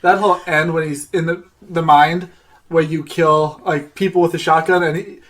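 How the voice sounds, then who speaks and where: A man co-hosting a podcast in casual chat, excitable and swearing freely. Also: a little high, moderate pace, far from the mic. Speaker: podcast co-host.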